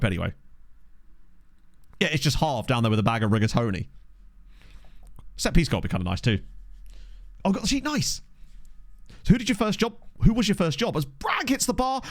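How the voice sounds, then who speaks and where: Lively, chatty male game streamer. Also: mid-range voice, no echo, studio quality. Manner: chatty, reads chat aloud, excitable reactions to match play. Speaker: streamer playing a football management game. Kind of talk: casual live-stream chat with commentary. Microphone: desk microphone.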